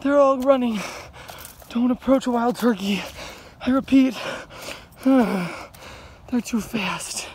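A woman hosting an outdoor vlog, narrating a mock-dramatic adventure in a deadpan, jokey way, out of breath and warning viewers with fake seriousness. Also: a little high, slow pace, breathy edge. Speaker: vlog host. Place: outdoors in a swampy field.

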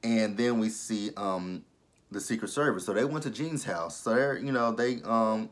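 A man with a lowish voice recaps a TV episode in a relaxed, chatty way. He keeps up blunt, sarcastic commentary and swears freely as he goes. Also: normal speed. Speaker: TV show reviewer.

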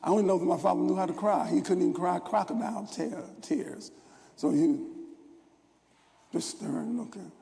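Gravelly older preacher in a reverberant hall. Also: male voice, sits high, normal speed, dark tone. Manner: rambling storytelling with stammered restarts. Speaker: pastor. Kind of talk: sermon. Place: church sanctuary. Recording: long church hall reverb.

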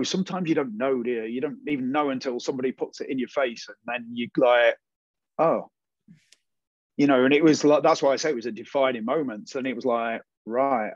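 A man's voice: mid-range voice, quick pace, few pauses, no echo. Guy chatting about his past, acts out the voices, dry muffled audio. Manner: animated storytelling, acts out quoted voices. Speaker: guest. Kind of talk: casual interview chat.

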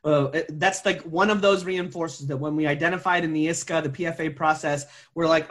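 A man's voice: on the high side, steady tone, fairly quick, hardly any pauses, a bit bright. Man webinar co-host, earnest and thoughtful, tends to restart his sentences. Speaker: co-host presenter. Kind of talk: professional webinar discussion.

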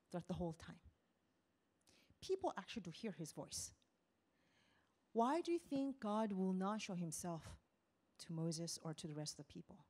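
A woman missionary preaching a lively sermon, asking the congregation questions, acting out voices and dropping to a whisper for emphasis. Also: medium pitch. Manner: animated, asks the congregation questions, acts out quotes.

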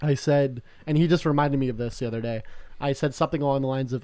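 A young adult man from Canada co-hosts a podcast, chatting casually in a rambling, profane way with many restarts. His mid-range voice is mellow and fast, on a dry recording.

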